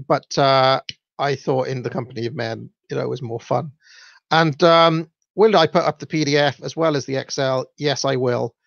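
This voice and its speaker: A man's voice: medium pitch, vocal fry, no echo, dull audio. A Welsh man hosting his own show, talking casually and rambling with many fillers and self-deprecating asides. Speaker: podcast host. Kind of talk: casual solo livestream talk.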